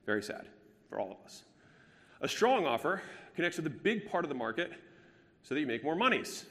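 A man's voice: fairly high pitch, very animated, fairly quick, pauses often, fairly bright tone. A man in his thirties giving a live business presentation in a brash, casual and profane joking way. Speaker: business speaker. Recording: long hall reverb.

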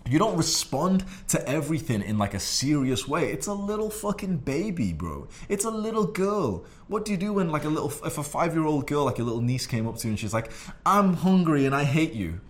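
A young man hosting dating advice gives a profane monologue, blunt and condescending as he lectures. His pitch swings widely, he talks a little fast with few pauses, and he swears in nearly every sentence.

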